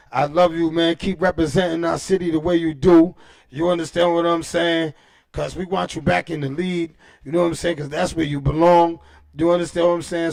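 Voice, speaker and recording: A man chats on his livestream in a high voice with a gravelly fry. He fires off shout-outs and boisterous, profane trash talk in street slang. He keeps tossing in "you know what I'm saying.". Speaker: livestream host. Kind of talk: casual livestream chat.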